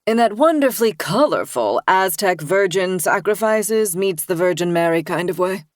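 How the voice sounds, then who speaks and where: A woman voicing a loud, drunk older father-in-law with a mocking, boozy manner. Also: lowish voice, expressive, moderate pace, no room sound, studio quality, close to an everyday voice.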